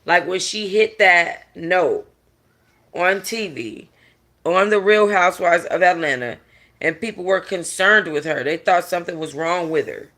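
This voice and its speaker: A music review vlogger with an unhurried delivery and a gravelly, crackly edge to a bright, forceful tone. The talk is gossipy and blunt, full of profanity and aimed straight at the viewers. It stays opinionated and expressive throughout. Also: medium pitch. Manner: animated, blunt and profane, with mocking impressions.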